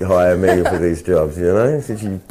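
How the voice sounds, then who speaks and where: A young English man, an actor, answering interview questions in a slow, measured, laid-back way. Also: sits low, a crowd in the background. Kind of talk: casual interview.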